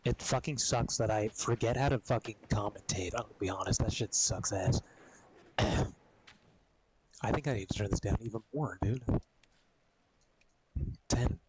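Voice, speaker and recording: Gamer guy on stream, lowish voice, swears a ton, keeps coughing and clearing his throat. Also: measured pace, pauses often, background noise. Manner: profane, rambling, laid-back. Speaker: gaming streamer. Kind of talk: casual stream chat.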